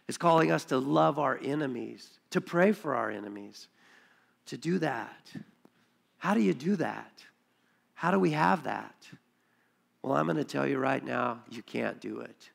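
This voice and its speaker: A man's voice: medium pitch, vocal fry. A man preaching a sermon as pastor, building intensity with repetition and acting out biblical dialogue in quoted voices.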